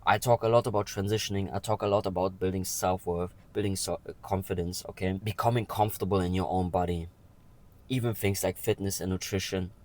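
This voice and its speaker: A man talking earnestly and with feeling in a personal vlog, pausing often to say "okay". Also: sits low, rough recording. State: emotional. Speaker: vlogger.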